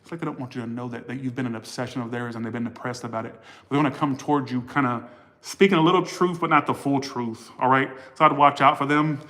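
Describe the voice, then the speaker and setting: A man's voice: mid-range voice, quick pace, a bit bright. A man giving a casual tarot reading for all the signs, blunt and profane, often losing his place and rambling. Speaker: tarot reader.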